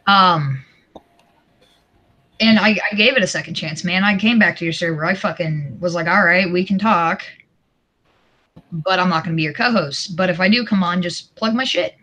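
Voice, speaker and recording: Male stream guest, bright sharp voice, venting grievances with lots of cursing and restarts. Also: high voice. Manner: aggrieved, profane, halting restarts. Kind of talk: heated livestream grievance.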